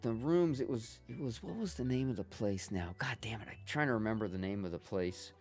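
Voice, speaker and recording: A man's voice: lowish voice, animated, fairly quick, darkish tone, soft background music. A middle-aged man chatting casually with viewers on a gaming livestream, telling rambling, profane stories with many restarts.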